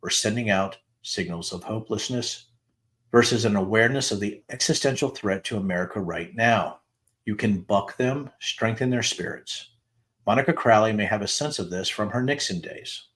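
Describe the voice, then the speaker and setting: A middle-aged man with a lowish voice reads text messages aloud on his show, stating each date plainly before rising into the quoted lines. He drops in the odd dry aside between messages. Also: moderate pace, fairly bright tone. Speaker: podcast host reading text messages aloud. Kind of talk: dramatic reading of texts with asides.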